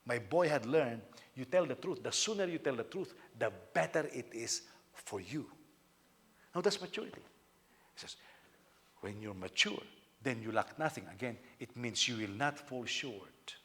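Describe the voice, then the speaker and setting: A male senior pastor preaching a sermon, telling stories with sudden loud bursts of emphasis. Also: medium pitch, lively intonation, moderate pace.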